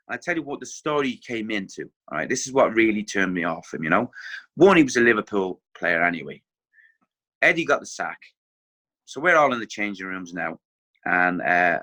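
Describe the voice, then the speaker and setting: Podcast guest: middle-aged Irish man, ex-footballer, vivid storyteller, bright forceful low voice. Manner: animated anecdote-telling, acts out quotes.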